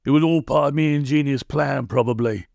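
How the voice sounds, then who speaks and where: A man's voice: mid-range voice, a little fast, gravelly, darkish tone, no room sound, muffled recording, pitched above the performer's own voice, natural voice. A man voicing a boastful, nasty old villain who talks in coarse broken grammar. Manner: coarse ungrammatical bluster.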